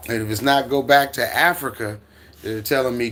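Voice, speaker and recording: At normal speed and medium pitch, with a steady, slightly bright tone, a middle-aged American man reads his stream's chat. It's a relaxed home livestream with his dog, and his replies wander, with stammering, restarted sentences and chuckles.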